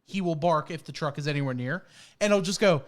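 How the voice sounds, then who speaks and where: A man with a high voice, chatting casually as a podcast co-host. He tells stories with energy and mimics animal sounds as he goes. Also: fairly quick. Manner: animated storyteller, acts out his dog's noises. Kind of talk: casual chat.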